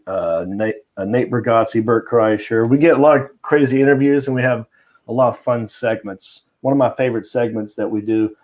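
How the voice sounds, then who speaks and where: A man's voice: medium pitch, a little mellow. A comedian guest telling a story in a casual chat, laughing often as he goes.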